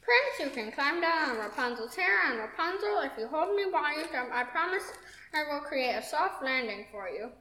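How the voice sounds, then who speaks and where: A woman's voice: high voice, big pitch swings, normal speed, pushed and bright, full character voice. A woman voicing a helpful, eager talking raven. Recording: echoey hall with faint noise.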